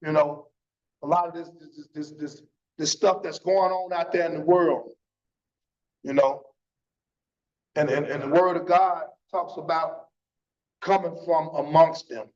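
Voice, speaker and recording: Fervent high-voiced man testifying. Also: fairly even intonation, measured pace, long pauses, darkish tone. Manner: fervent, repeats phrases, tags lines with "man". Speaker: church testimony speaker. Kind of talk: impassioned church testimony. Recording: dull lo-fi church stream.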